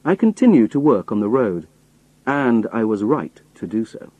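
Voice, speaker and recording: A man reading a story aloud in first person, expressive storytelling. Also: mid-range voice, normal speed, slightly rough, no echo, muffled recording. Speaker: audiobook narrator. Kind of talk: scripted first-person narration.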